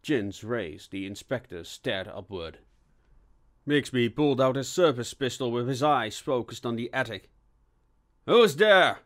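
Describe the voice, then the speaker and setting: A man reading scripted narration for an audiobook in a steady, even storytelling manner. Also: medium pitch, normal speed.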